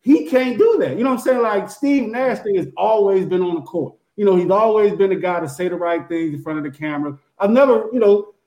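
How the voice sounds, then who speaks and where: A man joining a casual basketball podcast remotely, talking in an animated, boastful way and repeating "you know what I'm saying.". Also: high voice, fairly quick, hardly any pauses, echoey room.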